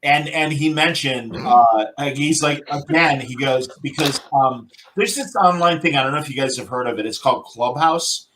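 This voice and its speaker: A man hosting a podcast in casual chat, talking in a relaxed, rambling way with fillers. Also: medium pitch, normal speed, few pauses, a little hiss or hum. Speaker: podcast host.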